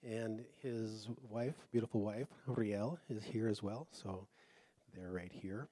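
A man on a church missions committee, introducing guest speakers in a relaxed, rambling way with many fillers. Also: fairly low pitch, slow pace, slightly rough, dry recording. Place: church sanctuary.

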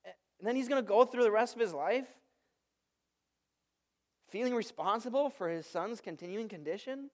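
High-voiced man preaching conversationally. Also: moderate pace, pauses often. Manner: conversational, storytelling with lively asides. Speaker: pastor. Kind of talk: sermon.

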